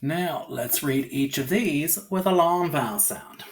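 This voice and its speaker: A man's voice: measured pace, few pauses. A man teaching a phonics lesson to young children, sounding out each letter patiently and checking in cheerfully. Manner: lively pitch, rising on cheerful check-ins.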